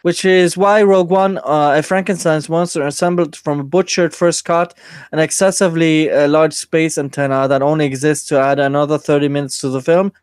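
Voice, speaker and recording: A man's voice: a little high, fairly even intonation, brisk, clean tone, no room sound, clean studio sound. A man hosting a casual podcast, reading an article aloud with sarcastic, swearing asides. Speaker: podcast host.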